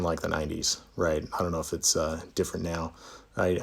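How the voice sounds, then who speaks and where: The man's voice sits low and sounds creaky. He's a divorce attorney in Utah, chatting in a live Q&A where he reads viewers' comments out loud and replies with self-deprecating, easygoing humor.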